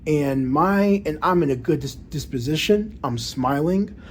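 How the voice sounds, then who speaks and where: Proper-spoken man with a higher voice. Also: animated, a little slow, a little hiss or hum. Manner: proper, careful diction; frequent restarts and repeated words. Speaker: vlogger. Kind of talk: casual monologue to camera.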